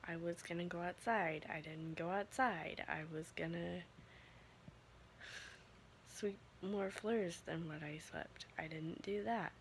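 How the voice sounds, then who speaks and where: Slow-talking woman whispering to her dog. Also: a little hiss or hum. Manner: often half-whispering to keep quiet; high sing-song voice when talking to the dog. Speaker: vlogger. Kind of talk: casual home vlog talking to her pets. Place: home indoors.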